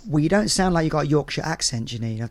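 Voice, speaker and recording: A man's voice: on the high side, expressive, fast talker. A man hosting a podcast interview, talking in an earnest, encouraging, rambling way. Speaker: podcast host. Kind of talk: casual interview chat.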